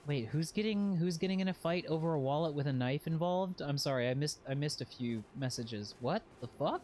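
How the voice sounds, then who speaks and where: A man giving casual live commentary while playing a video game. He swears freely and yelps and shouts at what happens on screen. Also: fairly high pitch, fairly quick, a little hiss or hum. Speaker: game streamer. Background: game music.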